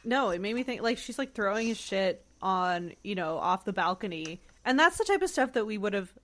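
Woman podcast guest, casual, reflective commentary, mid pitch. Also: lively intonation, a little fast, fairly bright tone. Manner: reflective, adds commentary and analysis.

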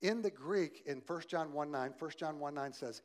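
Male pastor, sermon, fairly high voice, loud then hushed, asks the crowd questions. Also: normal speed. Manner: animated, swings between loud emphasis and quiet softness; asks the congregation direct questions.

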